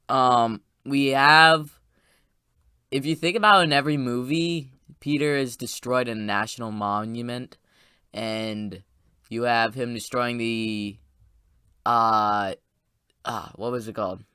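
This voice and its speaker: A man giving a casual, rambling spoiler review of a movie, excited and full of fillers and restarts. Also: medium pitch, slow pace, long pauses, clear, resonant tone, dry recording, clean studio sound.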